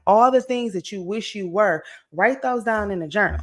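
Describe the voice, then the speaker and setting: A woman in her late 30s, about to turn forty, speaks to camera in a casual motivational vlog. Her mid-range voice moves at a moderate pace, and she's energetic and encouraging, often tossing in "okay?" and "right?"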